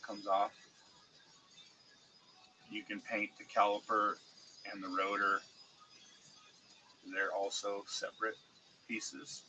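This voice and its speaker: A man with a cold streaming live, speaking congested and halting, with many fillers and restarts as he shows model parts to chat. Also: on the low side, level tone, over music, poor audio. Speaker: streamer showing 3D-printed model car parts. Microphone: desk mic, close.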